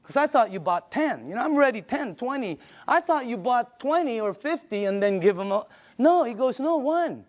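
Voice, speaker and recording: Energetic high-voiced older man pitching a business. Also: moderate pace. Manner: energetic, emphatic, acts out phone conversations. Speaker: business presenter. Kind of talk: sales presentation.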